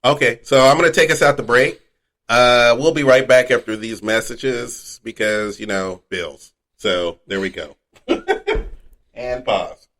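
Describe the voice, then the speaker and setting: A man's voice: mid-range voice, measured pace, a bit bright. A man hosting a casual chat podcast, easygoing and murmuring agreement often. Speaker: podcast host.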